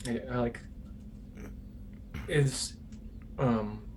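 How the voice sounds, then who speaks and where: A man's voice: medium pitch, drawn-out words, a little mellow, slight background noise, poor audio. A man playing his character in a tabletop game, speaking earnestly and with emotion. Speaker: player.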